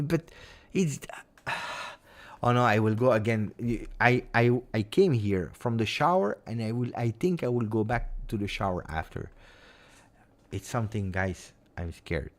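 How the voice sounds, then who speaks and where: A man's voice: mid-range voice, expressive, unhurried. A man with an Italian accent who hosts a football channel, chatting casually and rambling expressively on a live stream with lots of fillers.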